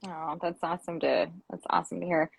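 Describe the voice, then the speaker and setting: A woman's voice: lowish voice, fairly even intonation, fairly quick, vocal fry, slightly rough, no echo. A woman hosting a history podcast interview, asking follow-up questions and laughing often. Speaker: podcast host. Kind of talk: casual interview chat.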